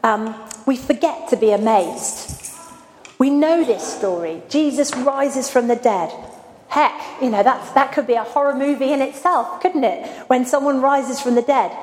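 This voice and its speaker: Woman preacher, higher voice, chatty sermon, long church reverb. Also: unhurried, darkish tone, slight background noise. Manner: conversational, asks the congregation questions. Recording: echoey church hall with faint ambience.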